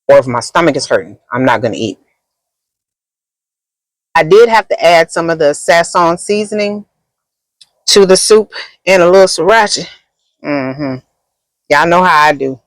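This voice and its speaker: A woman's voice: low-pitched, animated, moderate pace, pauses often, no room sound, low-quality recording. A woman content creator talking casually in a rambling, chatty vlog from inside a car, eating as she goes. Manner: rambling and chatty, many fillers; talks while eating.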